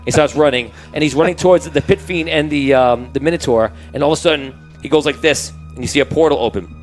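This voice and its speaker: A man's voice: on the high side, quick pace, soft background music, poor audio. A man narrating as game master of a tabletop game, setting scenes cinematically and rambling with restarts and fillers.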